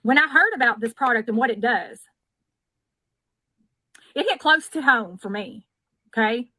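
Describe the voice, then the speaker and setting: A woman giving an earnest, confiding sales pitch, played back sped up at one and a half speed. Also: expressive, measured pace, pushed and bright, no room sound. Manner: earnest, confiding, keeps saying okay. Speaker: product seller.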